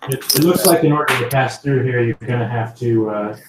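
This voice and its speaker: A man's voice: medium pitch, brisk. A man narrating as game master of a tabletop game, rambling with many fillers. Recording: roomy, distant mic, faint noise.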